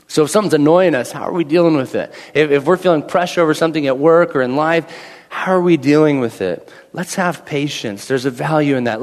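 A man in his thirties preaching a sermon in a church, talking conversationally, repeating phrases and acting out quoted voices. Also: on the high side. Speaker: pastor. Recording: long hall reverb.

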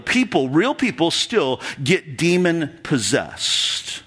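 Male pastor, sermon delivery, animated and conversational, voice sits on the high side with lots of swing, church setting. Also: a little slow. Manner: animated, conversational preaching with acted-out quotes.

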